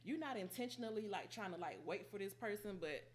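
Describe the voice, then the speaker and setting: A woman's voice: mid-range voice, lively intonation, fast, a little hiss or hum. Teasing, playful woman reading tarot. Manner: playful, teasing, blunt slang, laughs often. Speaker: tarot reader.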